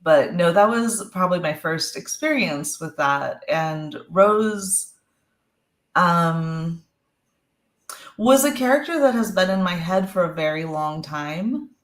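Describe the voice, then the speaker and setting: A woman author talking about her books as a guest on a video call, thoughtful and pausing with fillers. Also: fairly low pitch, lively intonation, reverberant. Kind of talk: casual interview talk.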